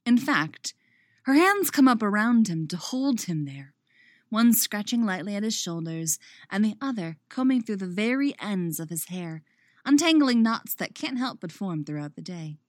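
Expressive woman reading her romance story. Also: mid-range voice, moderate pace, no echo, studio quality. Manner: expressive, chatty and self-mocking in the afterword. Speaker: fan fiction reader and writer.

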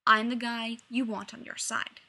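Brief: woman voicing a cranky genius man, loud and snappy, a little higher than her own reading voice. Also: level tone, normal speed, exaggerated voice. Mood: exasperated. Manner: exasperated, loud outbursts. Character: irritable fast-talking male scientist, sharp-tongued.

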